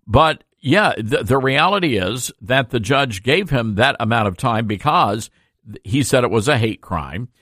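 A man's voice: mid-range voice, expressive, a little slow, a bit bright, dry recording, studio quality. A man hosting a call-in radio talk show, giving blunt, fired-up opinions.

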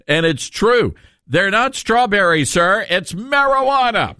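A male talk radio host with a somewhat high voice that swings widely in pitch as he drives home his points. He talks sarcastically and emphatically, recorded dry and close with no room sound. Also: big pitch swings, unhurried, sharp tone, no room sound. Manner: sarcastic, emphatic, with asides to listeners. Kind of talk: opinionated talk radio monologue.

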